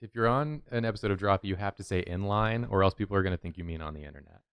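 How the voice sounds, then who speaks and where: Wry man with a low, dry voice. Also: quick pace, a bit bright, clear, resonant tone, dry recording. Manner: wry, teasing. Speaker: artist and show regular. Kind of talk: casual chat while drawing.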